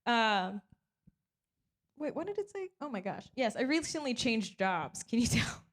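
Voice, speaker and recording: A young woman performing a stand-up comedy set, deadpan and self-mocking, often breaking into little laughs. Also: on the high side, unhurried.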